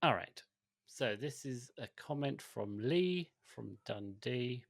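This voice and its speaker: A man's voice: medium pitch, expressive, slow pace, vocal fry, dry recording. Rambling, hesitant man in dry close sound. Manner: hesitant, rambling with many restarts and fillers. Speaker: podcast co-host. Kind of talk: casual chat.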